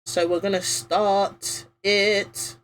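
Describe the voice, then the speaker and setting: A woman's voice: medium pitch, flat delivery, very slow, a bit bright, a little hiss or hum. Chatty woman streamer, strained voice. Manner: chatty, rambling, with many fillers. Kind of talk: casual gameplay chat.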